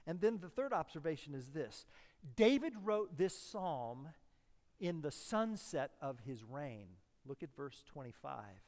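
A male pastor preaching a sermon to his congregation. He talks emphatically, repeats his key phrases, and swings between hushed and loud delivery. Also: on the high side, sing-song, a little slow. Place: church sanctuary. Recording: long reverb of a large hall.

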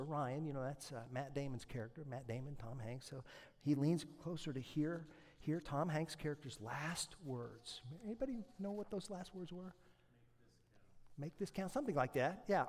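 A man preaching a sermon to his church, dropping to a hushed storyteller's voice and then rising to loud, urgent preaching. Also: fairly high pitch, moderate pace, in a large hall. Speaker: pastor.

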